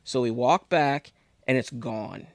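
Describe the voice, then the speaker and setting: Podcast guest, male, from Pennsylvania, gravelly, chatty storyteller, dry sound. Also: mid-range voice, takes it slowly, no echo. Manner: rambling, animated storyteller with many restarts. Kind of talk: casual storytelling.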